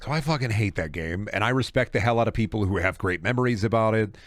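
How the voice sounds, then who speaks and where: A man's voice: on the low side, fast, dry recording. A man streaming games and ranting casually, swearing constantly and rambling through restarts and asides. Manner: profane, heated ranting with frequent swearing. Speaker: game streamer.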